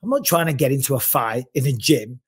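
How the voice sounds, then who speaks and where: A man's voice: medium pitch, animated, fairly quick, husky. A man, a podcast host, chatting casually and swearing in a self-mocking way. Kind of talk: casual chat.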